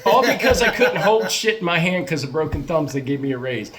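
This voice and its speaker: A man's voice: on the high side, very animated, fairly quick, crowd noise. A man telling a rowdy story in a casual podcast chat, swearing freely and laughing often. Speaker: podcast host.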